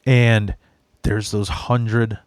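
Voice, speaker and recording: A man's voice: on the low side, flat delivery, drawn-out words, darkish tone, clean tone, no room sound, studio quality. A man from Chicago hosting a podcast, telling stories in a rambling, heavily profane way full of restarts. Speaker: podcast host. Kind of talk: casual storytelling chat.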